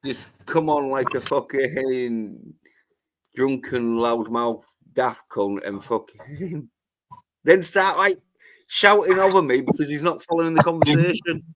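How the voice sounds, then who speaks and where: Slow-talking crude livestream host. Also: male voice, medium pitch, a bit bright. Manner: crude, swears freely, reads chat aloud. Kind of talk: casual livestream chat.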